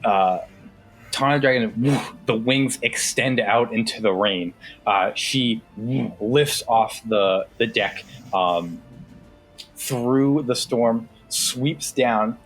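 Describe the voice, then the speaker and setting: A man's voice: medium pitch, slow, faint music behind. A man narrating a tabletop game as game master, casual, with many fillers.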